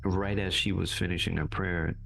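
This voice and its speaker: Low, raspy male storyteller, animated, music bed. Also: moderate pace. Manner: animated, voice jumps high when reliving anger. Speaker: guest survivor telling his story. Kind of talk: casual storytelling.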